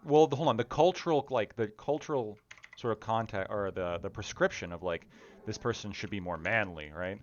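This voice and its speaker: Blunt low-voiced man streaming games. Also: fairly quick, muffled recording. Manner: blunt, swears freely, talks while playing. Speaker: streamer host. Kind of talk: casual live-stream chat while gaming.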